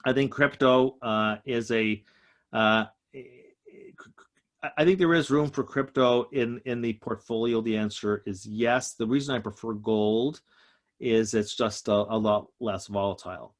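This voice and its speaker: A man's voice: on the low side, a little slow. A man giving an emphatic economic talk to a group over a video call, slightly out of breath. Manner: emphatic, stresses key points. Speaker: economist guest speaker.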